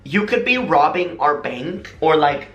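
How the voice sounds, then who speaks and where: Talking to camera in an echoey room, this American vlogger relays stories dramatically and with lots of animation, trying on imitated voices along the way. He has a fairly high, fairly bright voice, expressive and unhurried, with faint music in the background.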